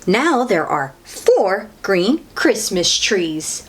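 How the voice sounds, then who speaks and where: Storytime reader: young woman, breathy, unhurried, very lively pitch, coaxing small kids along. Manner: gentle, animated, exclaiming to young listeners. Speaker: children's book reader. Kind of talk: read-aloud storytime.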